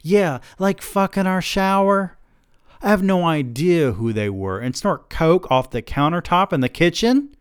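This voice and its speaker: A man voicing a sharp, sarcastic wife who answers in biting, clipped retorts. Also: high voice, animated, a little slow, smooth, no echo, clean studio sound, voice pushed up.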